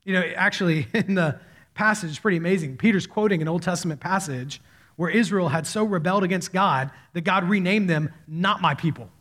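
A man's voice: sits high, brisk. A man in his thirties preaching a sermon as a pastor, telling stories in a conversational way. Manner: conversational storytelling preacher, animated quoted voices.

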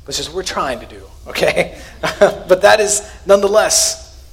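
A man, preaching a sermon in an earnest, conversational way, with emphatic rises and quiet asides. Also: high voice, expressive, normal speed. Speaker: pastor.

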